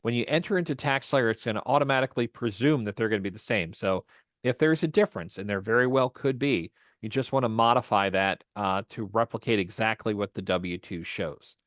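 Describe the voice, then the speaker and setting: A man with a lowish voice guides volunteer tax preparers through a form in a steady, explanatory way. He pauses often on "uh" as he goes. The sound is dry and close, as on a video call. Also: no echo. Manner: explanatory, steady, frequent "uh" fillers. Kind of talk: instructional walkthrough.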